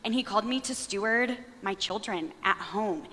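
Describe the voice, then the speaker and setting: A woman's voice: mid-range voice, normal speed, bright, forceful tone. A woman in her thirties giving an earnest, reflective faith testimony on stage, with a lightly self-mocking touch. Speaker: panelist sharing testimony. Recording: long hall reverb.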